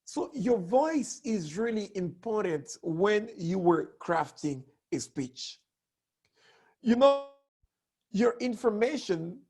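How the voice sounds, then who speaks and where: A man teaching a lesson on public speaking, hoarse with a cracked voice, talking in an animated way that swoops between high and low tones. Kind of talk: online lesson.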